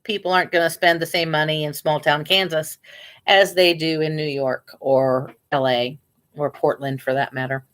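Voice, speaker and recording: A woman from the American Midwest, who vlogs and resells online, talks in a low, slightly bright voice. It's a casual chat while she works, thinking aloud as she lists items to sell.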